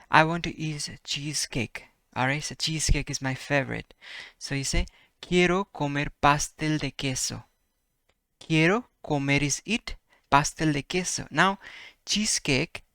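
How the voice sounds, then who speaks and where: A man teaching a casual language lesson, repeating example words slowly and checking in with "right?" and "perfect" after each phrase. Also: on the high side, pushed and bright, no echo, studio quality. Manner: slow, careful repetition of example words.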